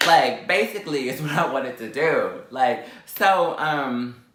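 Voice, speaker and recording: A man's voice: animated, a little slow, fairly bright tone, echoey room. A man vlogger telling a dramatic storytime while eating, acting out every line with big swings in voice. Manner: dramatic, acts out quotes with big pitch jumps.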